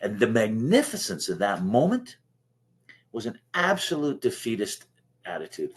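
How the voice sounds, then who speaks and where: A man's voice: medium pitch, sing-song, moderate pace. Earnest man sharing at a recovery meeting. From Canada. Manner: earnest, emotional, with many restarts. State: choked up. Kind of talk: personal share at a recovery meeting.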